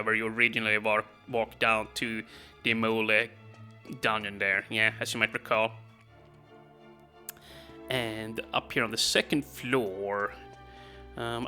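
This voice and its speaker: A man's voice: mid-range voice, sharp tone. A man casually commenting on his gameplay as a let's play host, rambling with many fillers and chuckles.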